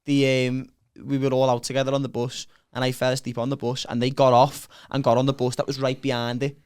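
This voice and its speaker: A man's voice: mid-range voice, a little fast, smooth. A man in his twenties with a Liverpool accent, a guest comedian telling stories in casual podcast chat and acting out what people said. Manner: animated storyteller, acts out quotes.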